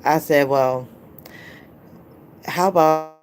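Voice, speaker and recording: Very low-voiced woman telling a story. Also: slow pace, darkish tone, a little hiss or hum. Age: adult, mother of a child. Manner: rambling, filler-heavy, recounts dialogue. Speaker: vlogger. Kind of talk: casual storytelling to camera.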